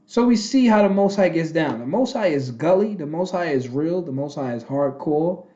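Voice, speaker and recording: Guy preaching scripture kinda high voice, blunt and slangy, keeps going "okay? right?", dull lo-fi sound. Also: expressive, normal speed, warm tone. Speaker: self-styled prophet teaching scripture. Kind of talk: street-style scripture lecture.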